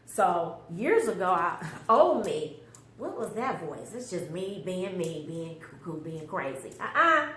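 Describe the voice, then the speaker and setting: A woman's voice: lowish voice, sing-song, unhurried, a bit bright. A middle-aged mother giving an earnest, emotional personal testimony, often quoting the voices she heard. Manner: emotional, earnest storytelling with quoted inner voices. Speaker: mother telling a personal story. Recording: roomy echo with faint background hum.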